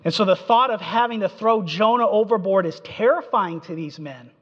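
A man's voice: high-pitched, normal speed, a bit bright. A man preaching a sermon, telling the story with animation and acting out the quotes, in a dull recording in a reverberant hall. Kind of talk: expository sermon.

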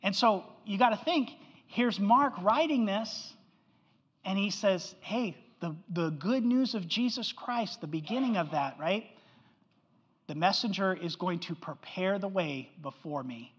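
A man's voice: high voice, expressive, measured pace, husky, big-room sound, dull audio. A man preaching a sermon as pastor, in a conversational style that keeps checking in with the congregation.

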